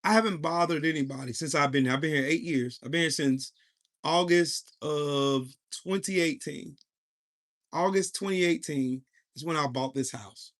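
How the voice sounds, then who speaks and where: A man's voice: on the high side, normal speed, a bit bright. Heated, profane podcast host in his forties. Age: 40s. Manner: heated, profane, talks to his live chat. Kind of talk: live podcast storytelling rant.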